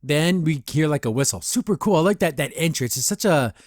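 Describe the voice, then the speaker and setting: A man's voice: on the high side, lively intonation, brisk, dry recording, studio quality. A man hosting a podcast, giving a casual, rambling review of a cartoon episode, acting out the characters' lines and laughing often. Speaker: podcast host.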